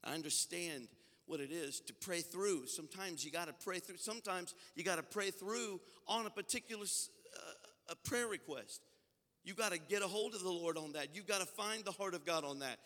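Fervent high-voiced man preaching in a reverberant sanctuary. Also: normal speed. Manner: impassioned preaching that swells into loud, fervent passages; folksy, conversational storytelling between climaxes. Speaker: senior pastor. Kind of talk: Pentecostal sermon. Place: church sanctuary. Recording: long hall reverb from a large sanctuary.

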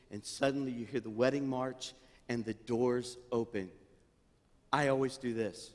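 A male pastor preaching a sermon, swinging between fervent, near-shouted passages and quiet, chatty storytelling. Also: mid-range voice, in a large hall. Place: church sanctuary.

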